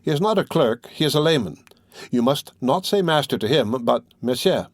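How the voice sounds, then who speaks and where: A man's voice: mid-range voice, expressive, moderate pace, dry recording, clean studio sound. A man voicing a bold, eager young woman in a storybook reading. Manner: eager, pert.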